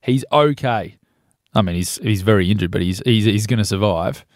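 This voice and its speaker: A man's voice: fairly low pitch, normal speed, no room sound, studio quality. An Australian man co-hosting a breakfast radio show, joking and laughing through the banter. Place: radio studio. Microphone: studio microphone.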